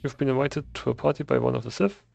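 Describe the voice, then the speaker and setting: A man's voice: mid-range voice, quick pace, creaky, a little mellow, dry recording. A man playing a video game, reading the dialogue choices aloud in casual commentary. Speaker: gameplay streamer. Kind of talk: casual let's-play commentary.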